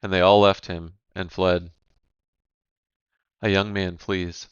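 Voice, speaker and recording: A man giving a measured, even reading of Bible scripture, announcing each section heading. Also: sits low, smooth, no echo, highs cut off. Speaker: scripture reader.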